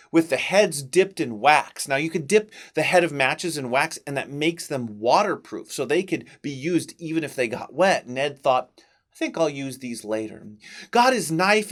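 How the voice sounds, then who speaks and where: Dramatic man telling a Bible story. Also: a little high. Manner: dramatic, expressive storytelling with big swings. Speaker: children's ministry teacher. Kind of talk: Bible story narration for children.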